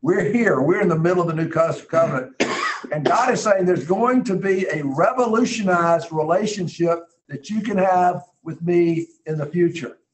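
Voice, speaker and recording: A man's voice: sits high, moderate pace, low-quality recording. A man teaching a Bible class in a conversational way, earnest and emphatic, thinking aloud as he reads scripture.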